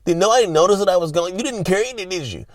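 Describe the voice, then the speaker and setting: A man's voice: lively intonation, very fast, dry recording, studio quality. A man putting on the voice of a whiny, self-pitying narcissist man who guilt-trips with plaintive questions. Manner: high plaintive whine, guilt-tripping questions.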